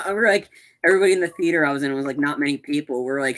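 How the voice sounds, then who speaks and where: A co-host of a movie review podcast in casual chat, telling scenes with animated retellings and many restarts. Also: medium pitch, fast.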